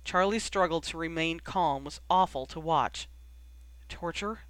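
A reader narrating a fan fiction audiobook in a measured, expressive way. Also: mid-range voice, smooth, dry recording.

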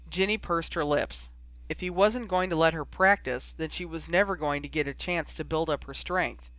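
Bright-voiced male storyteller. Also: on the high side, moderate pace, no echo. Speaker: reader. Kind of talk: audiobook narration of fan fiction.

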